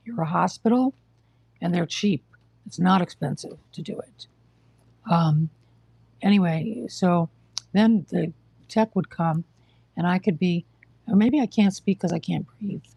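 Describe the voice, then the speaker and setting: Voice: medium pitch, measured pace, creaky, long pauses, mellow, breathy edge, no echo. A live-stream host, short of breath and coughing, telling of hospital care in a blunt, exasperated, lecturing way. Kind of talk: casual live-stream monologue.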